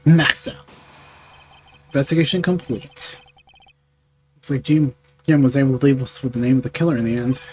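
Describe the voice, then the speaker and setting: A man voicing a composed, formal male prosecutor in a video game, in measured tones. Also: mid-range voice, slight background noise, lightly acted. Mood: calm.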